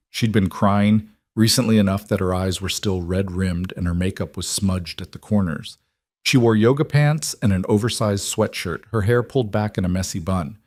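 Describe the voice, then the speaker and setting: A man reading a scripted story in an even, measured narration. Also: lowish voice, no echo, studio quality.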